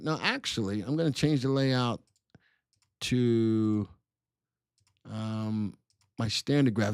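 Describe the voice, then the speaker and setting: A man hosting a live stock market stream, bantering with chat and spelling out ticker symbols in an excitable, teasing way. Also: fairly high pitch, dry recording, clean studio sound.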